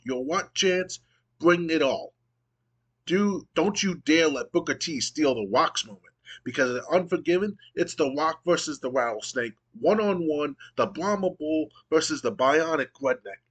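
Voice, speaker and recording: Cocky male wrestler showman, put on by a man, boastful, high, slow drawn-out delivery. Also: expressive, husky. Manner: boastful, speaks of himself in third person.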